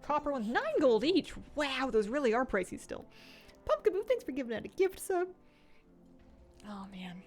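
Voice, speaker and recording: Lively, chatty woman streamer. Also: high-pitched, brisk, soft background music. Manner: chatty, giggly, baby talk to her pets. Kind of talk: casual game stream chat.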